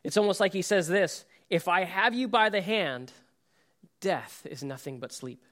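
A man giving a sermon as pastor, reading scripture and then speaking earnestly, dropping to soft, quiet phrases and building to emphatic points. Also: sits high, normal speed.

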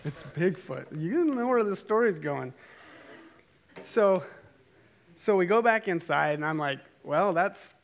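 Storyteller, middle-aged man, a touch high and gravelly, casual and animated in front of a group. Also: unhurried, long pauses. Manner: animated, self-amused, rambling. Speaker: speaker telling a story to a group.

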